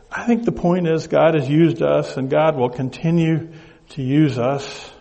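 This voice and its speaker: An older man from the American South with a Southern accent, preaching a sermon in a halting, deliberate way, often repeating words as he searches for them. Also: a little high, vocal fry, mellow, big-room sound. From Southern United States.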